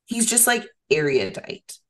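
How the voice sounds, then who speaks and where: A woman's voice: sits low, big pitch swings, measured pace. A woman co-hosting a casual movie podcast chat, opinionated and blunt, with frequent ums. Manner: opinionated, fillers like um. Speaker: podcast co-host.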